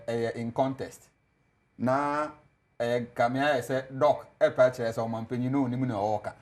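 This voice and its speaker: A man's voice: medium pitch, darkish tone. Combative Ghanaian man in political debate. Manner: combative, laughs at opponents' claims. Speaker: panelist. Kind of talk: political debate on TV, mixing Twi and English.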